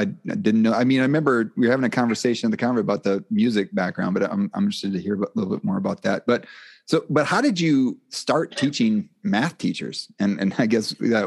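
A man's voice: lowish voice, gravelly, slightly rough. Upbeat man hosting a podcast. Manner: upbeat announcer-style intro. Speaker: podcast host. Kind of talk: podcast interview.

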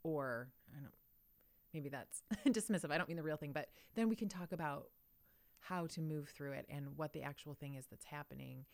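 A woman's voice: sits low, normal speed, creaky, darkish tone, dry recording. A woman in her thirties talking in a thoughtful, reflective way on a podcast and laughing often. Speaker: podcast co-host. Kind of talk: casual conversation.

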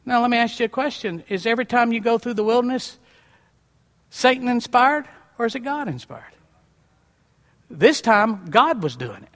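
Sing-song and very high, the voice belongs to a man preaching at normal speed with a fairly bright tone. Repetition and questions to the congregation give his sermon a folksy, dramatic emphasis.

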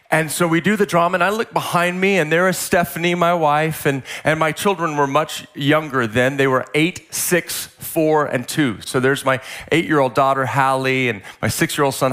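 A middle-aged California pastor preaches a sermon, telling a story with strong emotion in a mid-range voice. He repeats words, shouts at the peaks and drops to near-whispers.

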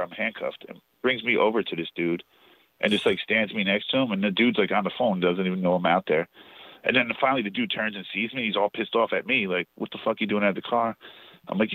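Heard over phone-quality audio with no echo, a low-voiced man from New Jersey rambles through casual, profanity-laced stories. He's appearing as a podcast guest and is a show promoter.

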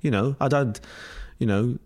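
Lively Scottish man telling a story. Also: mid-range voice, normal speed. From Scotland. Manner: rambling, laughs often, many restarts and fillers. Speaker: interview guest. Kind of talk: casual storytelling.

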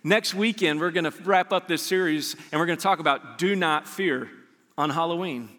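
A man's voice: a little high, normal speed, bright, forceful tone, in a large hall. A man preaching a sermon as pastor, talking conversationally and acting out scenes from scripture.

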